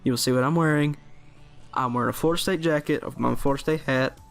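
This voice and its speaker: A man's voice: mid-range voice, fast, vocal fry, soft background music. A teenage boy telling a story casually on his video channel, rambling with lots of restarts and fillers. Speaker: vlogger.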